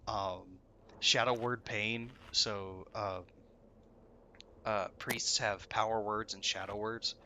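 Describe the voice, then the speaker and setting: A man's voice: fairly low pitch, fairly even intonation, slow, pushed and bright, slight background noise. A man telling a story in casual chat, rambling with many fillers.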